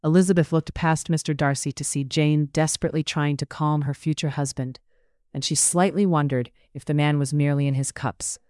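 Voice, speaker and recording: An audiobook narrator telling a period romance in a measured, even read. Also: medium pitch, dry recording, clean studio sound.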